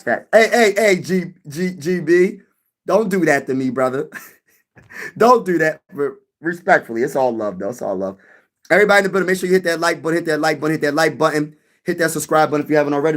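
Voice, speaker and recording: A man hosting a casual sports live stream, chatting with viewers in an animated way and often repeating himself. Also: on the high side. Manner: animated, repeats himself, addresses chat directly.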